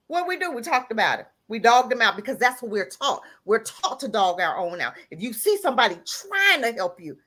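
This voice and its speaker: Fired-up woman caller, lively high voice. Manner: heated and emphatic, preaching with repeated lines; breaks into laughter and raises voice to near-crying pitch. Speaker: caller on a live talk show. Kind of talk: impassioned call-in rant.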